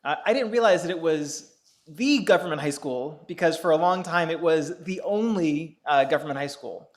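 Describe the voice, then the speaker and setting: Chatty male lecturer with a higher voice. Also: moderate pace. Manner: conversational, frequent filler sounds, light chuckles. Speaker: law lecturer. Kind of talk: public lecture, personal storytelling. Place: lecture hall.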